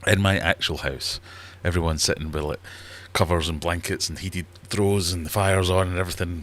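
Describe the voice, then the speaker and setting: A middle-aged man rambles through a casual livestream from his small, warm home fish room, cheerfully putting himself down. His low voice is a bit bright, his intonation fairly even, and he keeps a normal speed with hardly any pauses.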